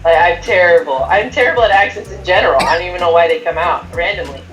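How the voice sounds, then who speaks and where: A woman co-hosting a casual podcast chat, self-mocking and quick to laugh. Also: fairly low pitch, a bit bright. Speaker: podcast co-host. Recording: echoey room, faint music.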